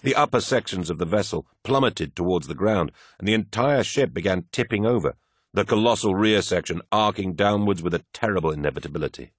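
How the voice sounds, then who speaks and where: A man narrating a dramatic action story with steady storytelling. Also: low voice, brisk, no echo, studio quality. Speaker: audiobook narrator. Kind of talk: scripted narration.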